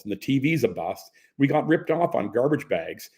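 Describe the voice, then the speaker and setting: A man reading a first-person story aloud in a relaxed storytelling way. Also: medium pitch, normal speed, few pauses. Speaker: narrator. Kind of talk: first-person audiobook narration.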